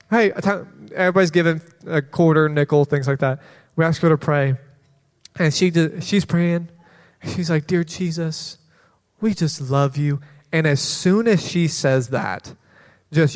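Animated man telling church stories. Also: a little high. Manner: animated storytelling with quoted voices and laughter. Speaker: children's pastor. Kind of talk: sermon testimony. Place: church sanctuary. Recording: long hall reverb.

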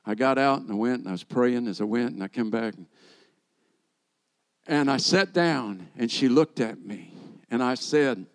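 A middle-aged rabbi delivers a sermon through stories, acting out the dialogue with animation. His voice is mid-range, his pace slow, and he leaves long pauses.

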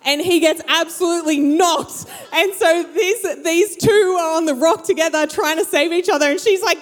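A woman's voice: extremely high pitch, moderate pace, few pauses, faint music behind. A young adult woman, telling a story to a live audience and acting out her friends' voices. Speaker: speaker. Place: large hall with an audience. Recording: long hall reverb.

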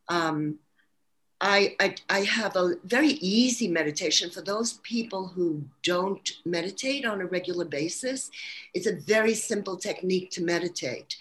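A woman's voice: lowish voice, fairly bright tone. A woman from Brooklyn with a New York accent, talking earnestly about spirituality and health in a casual interview, with frequent restarts. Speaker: holistic practitioner guest.

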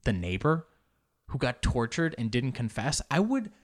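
Man, podcast host, casual solo chat, joking, profane, lively pitch swings. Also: measured pace. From Argentine family background. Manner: animated, joking, profane, switches into Spanish.

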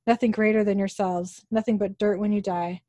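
A woman voicing a cold, menacing fallen angel man in a read-aloud recap, reading the lines flatly. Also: mid-range voice, fairly quick, dry recording, lightly acted.

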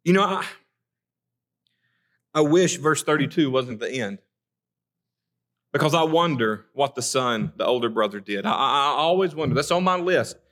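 A pastor with a mid-range, slightly bright voice preaches a conversational sermon in church, reading scripture and speaking earnestly at a moderate pace with lively intonation. He leaves long pauses and often stumbles, repeating his first words as he starts sentences.

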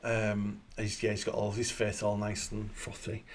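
A man's voice: on the low side, completely flat delivery, normal speed, a little hiss or hum. A man in casual chat, retelling film scenes in a crude, jokey way as podcast co-host.

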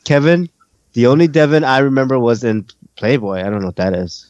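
A man's voice: mid-range voice, fairly even intonation, a little fast, a little mellow, dry recording, muffled recording. A man with a New Jersey accent co-hosting a podcast, reading listener comments in casual chat and laughing often. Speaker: podcast co-host.

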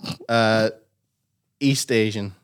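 A young man, a guest comedian making deadpan, provocative claims in casual banter. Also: on the low side, slow pace, clear, resonant tone.

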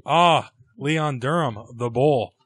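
A man co-hosting a podcast in casual banter, tossing out deadpan quips between hesitant uhs. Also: medium pitch, slow. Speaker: podcast co-host.

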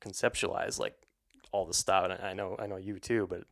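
Man, podcast host, low-pitched gravelly voice, easygoing halting chat. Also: steady tone.

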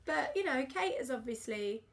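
Lively woman telling a story. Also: sits high, normal speed. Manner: animated anecdote teller, swears freely, acts out quotes. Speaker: podcast co-host. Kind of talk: casual chat.

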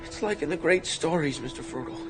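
An actor playing a loyal young male hobbit, speaking softly and earnestly to his friend. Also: fairly high pitch, fairly quick, over music, close to an everyday voice. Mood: tender, earnest. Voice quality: soft, earnest storytelling delivery. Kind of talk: film drama acting. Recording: film clip under a loud orchestral score.

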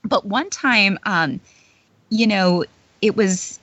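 In a casual interview chat, a former theme-park character performer tells stories, laughing often and filling her speech with fillers. Her medium-pitched voice is a bit bright, and she speaks slowly. The lo-fi recording is dry and dull.

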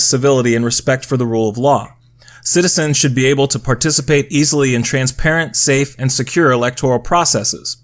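Man, podcast host, reading a statement aloud, measured and formal. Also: mid-range voice.

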